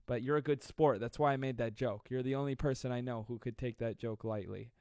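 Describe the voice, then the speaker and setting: A man in his twenties hosting a live stream, reading viewer comments aloud and joking with a fast, self-deprecating manner. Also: mid-range voice, darkish tone, clean tone, no echo, studio quality. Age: 20s. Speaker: livestream host.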